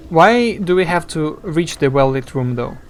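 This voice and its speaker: Brief: young male streamer, fairly high and smooth voice, rambling and halting. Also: animated. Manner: rambling, halting, searching for words. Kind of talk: casual live game commentary.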